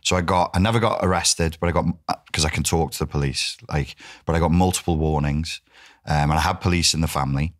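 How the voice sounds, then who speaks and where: A middle-aged man with a Wirral accent, telling animated stories as a podcast guest and swearing freely. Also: very deep voice, quick pace. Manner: animated, swears, does voices for others. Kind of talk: casual storytelling interview.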